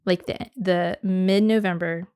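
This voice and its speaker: A woman in her thirties, co-hosting a podcast in casual chat, a little hoarse from a cold, telling stories with lots of fillers and laughs. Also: fairly low pitch, steady tone, unhurried, darkish tone. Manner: chatty storytelling, laughing often, many fillers. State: a little hoarse from a cold, voice deeper than usual. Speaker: podcast co-host.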